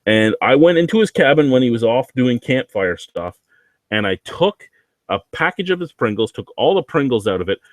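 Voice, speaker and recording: A man's voice: medium pitch, lively intonation, moderate pace, no room sound. A man ranting in a casual vlog, rambling, swearing and sounding anxious. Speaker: vlogger.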